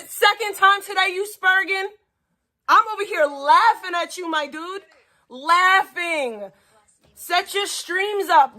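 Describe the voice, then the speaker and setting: High bright taunting New woman. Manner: taunting, profane, repetitive. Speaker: streamer. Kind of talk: angry livestream rant. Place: at home.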